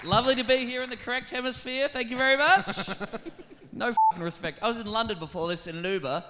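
A man's voice: very high-pitched, fast, pushed and bright, in a large hall, a little hiss or hum. A man from Australia, a comedian guest on a comic podcast, telling stories in a mock-indignant way, swearing and laughing.

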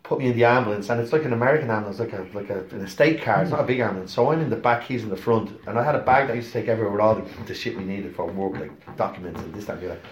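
A man, a coffee chain owner, telling lively anecdotes in casual chat and acting out other people's voices. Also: fairly low pitch, racing, few pauses, slight background noise. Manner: animated anecdotes with acted-out voices. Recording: echoey room.

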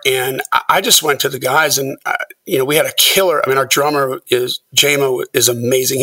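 A middle-aged man, a music producer, telling animated stories as a podcast guest. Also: medium pitch, distant mic. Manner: animated, acts out quoted people. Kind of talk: storytelling interview.

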